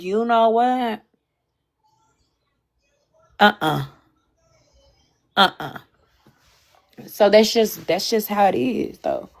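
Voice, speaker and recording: A young woman talking candidly and casually to her stream audience, animated and slangy, swinging between loud bursts and quiet asides. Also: lowish voice. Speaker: livestream host. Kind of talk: casual chat.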